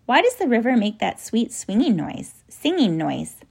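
A woman voicing a young boy who speaks plainly, a touch gruff, in a storybook reading. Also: a little high, big pitch swings, moderate pace, voice pushed up, full character voice.

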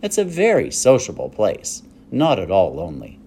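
A man's voice: lowish voice, wildly swooping pitch, normal speed, dark tone, a little hiss or hum. A man reading aloud and voicing an imaginative young farm girl, earnest and eager as she tells her tales.

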